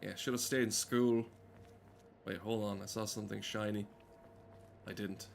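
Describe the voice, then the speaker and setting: A man's voice: lowish voice, fairly even intonation, normal speed, vocal fry, slight background noise. A man giving casual game commentary, rambling and self-mocking, swearing often and stumbling over fillers. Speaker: let's play gamer.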